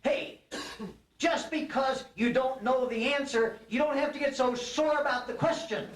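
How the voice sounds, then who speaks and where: A man's voice: high-pitched, very animated, measured pace, heavy background noise. A man voicing a boastful male lion who bosses the other animals around, in a spoken fable told during a speech. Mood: sore, defiant. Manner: bossy, cocky taunting. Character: boastful swaggering male lion, king of jungle. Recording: roomy hall recording from a distance.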